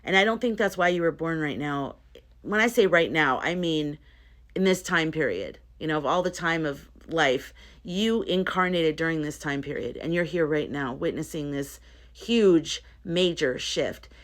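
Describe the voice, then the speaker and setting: Woman, somewhat low voice, earnest, rambling, casual vlog chat. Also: moderate pace. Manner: earnest, rambling, self-interrupting. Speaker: spiritual content creator. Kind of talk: casual to-camera vlog talk.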